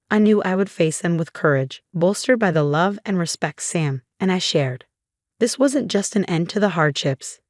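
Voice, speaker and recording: A woman giving a scripted first-person story narration in a smooth, steady reading voice. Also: on the low side, no echo, clean studio sound.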